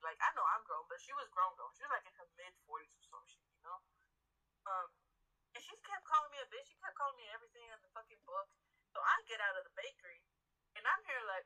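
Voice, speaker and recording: Animated, foul-mouthed woman telling a story. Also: a little high, quick pace, low-quality recording. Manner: animated, profane, acts out heated quotes. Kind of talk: casual storytelling chat.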